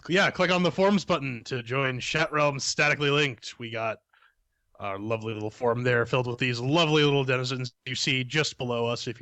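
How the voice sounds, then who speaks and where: A man's voice: mid-range voice, sharp tone, dry recording. A man from Canada co-hosting a gaming podcast, rambling and joking in casual banter. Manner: rambling, joking, repeats words. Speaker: podcast co-host.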